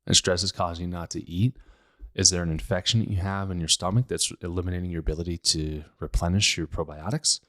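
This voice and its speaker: A man's voice: low-pitched, fairly even intonation, fast, a bit bright. A man from Pittsburgh hosting a health podcast, talking emphatically and firing off rhetorical questions. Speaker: podcast host, health practitioner. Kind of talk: casual health podcast monologue.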